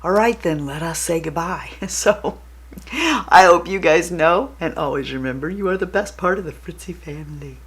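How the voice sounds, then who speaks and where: A woman's voice: low voice, brisk, hardly any pauses, breathy edge. A woman hosting a casual get-ready-with-me makeup vlog, playful and giggly with jokey asides. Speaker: beauty vlogger host.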